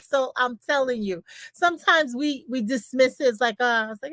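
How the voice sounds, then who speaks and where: An older woman on a video-call livestream, telling her story with animated emphasis and repeating her key points. Her voice sits a little high, and the sound is dry and close, without room echo. She talks like an eager beauty consultant sharing her enthusiasm. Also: normal speed. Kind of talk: livestream testimonial chat.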